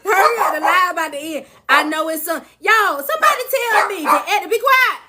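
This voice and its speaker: Animated churchy woman, lively pitch. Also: brisk, heavy background noise. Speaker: podcast co-host. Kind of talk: casual live chat.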